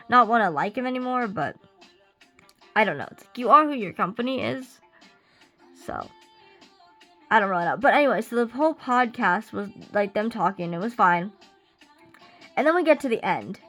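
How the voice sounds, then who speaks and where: Animated young woman ranting, faint music. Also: medium pitch, moderate pace, long pauses, rough recording. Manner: animated, ranting, many fillers. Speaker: vlogger. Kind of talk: casual rant while doing makeup. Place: at home getting ready. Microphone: camera she sets up herself.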